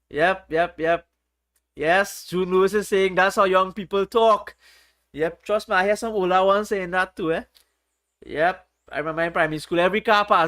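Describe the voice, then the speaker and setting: A man's voice: high voice, moderate pace, a bit bright. A man hosting a casual livestream, reading viewers' chat aloud in a playful, teasing way. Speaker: livestream host.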